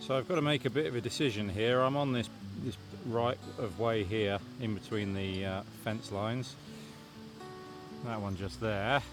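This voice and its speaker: Over music, a man with a lowish voice vlogs at a moderate pace while walking outdoors along a country lane. He's chatty and thinks aloud as he goes, using understated British phrasing.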